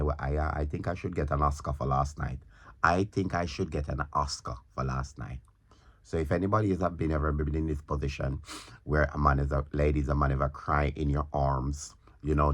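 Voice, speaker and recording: Male comedian, very deep voice, casual rambling storyteller. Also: normal speed. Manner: rambling, repeats himself, stumbles and restarts.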